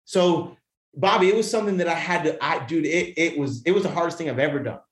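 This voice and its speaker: An animated man tells his story as a podcast guest, cursing freely and often breaking off to restart his thoughts. His voice sits a bit high for a man and rings in a roomy, echoing space. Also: fast. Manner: animated, profane, many restarts. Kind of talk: casual storytelling. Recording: roomy echo.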